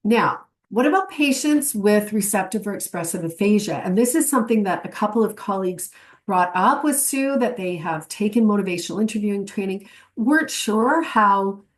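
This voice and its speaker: A woman's voice: mid-range voice, lively intonation, normal speed. A woman giving an educational webinar lecture, explaining ideas reflectively and acting out short client examples. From Canada. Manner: warm, reflective teaching with quoted client examples. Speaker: webinar presenter.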